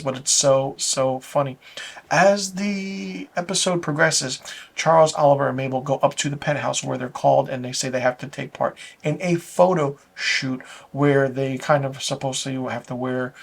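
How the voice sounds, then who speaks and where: A man's voice: medium pitch, gravelly. A man reviewing a TV episode, retelling the plot in a loose, rambling way with restarts and little chuckles. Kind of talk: casual plot recap.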